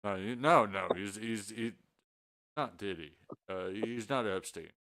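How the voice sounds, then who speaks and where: A man's voice: fairly low pitch, measured pace, a bit bright. A man chatting on a late-night livestream, blunt and profane, often stammering and restarting. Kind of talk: casual late-night chat.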